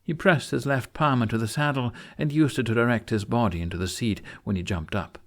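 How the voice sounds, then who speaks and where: A man narrating a fan audiobook chapter in a measured storytelling manner. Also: medium pitch.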